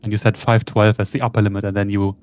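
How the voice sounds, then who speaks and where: A man's voice: on the low side, level tone, quick pace, darkish tone. A man joining a game stream with laid-back, dry remarks that sometimes trail off. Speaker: co-player on stream. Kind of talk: casual game chat.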